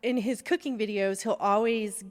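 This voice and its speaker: A woman's voice: medium pitch, fairly even intonation, moderate pace. A middle-aged woman chats on a podcast, rambling through a story with plenty of laughter. Her voice sits in a middle register. The recording has a long, ringing reverb. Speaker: podcast host. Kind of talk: casual chat.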